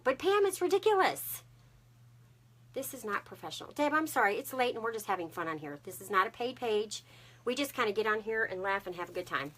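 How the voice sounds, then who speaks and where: A woman's voice: medium pitch, pushed and bright. A woman, chatting to viewers on a craft live stream and greeting them by name. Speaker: craft livestream host.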